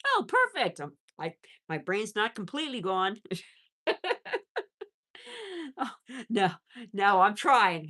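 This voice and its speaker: A woman's voice: medium pitch, very animated, unhurried, long pauses. Chatty woman hosting a pet livestream. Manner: chatty, warm baby-talk to pets, reads chat aloud. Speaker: livestream host. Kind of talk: casual live chat.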